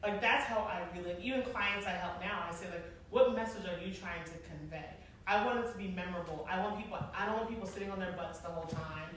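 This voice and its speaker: A woman in her forties telling stories to an audience in a casual, animated way, laughing often and using many fillers. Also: mid-range voice, fast, hardly any pauses. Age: 40s. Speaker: guest speaker, former event planner. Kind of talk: casual storytelling talk to an audience. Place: large echoey hall. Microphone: far from the mic. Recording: echoey hall, distant mic, faint noise.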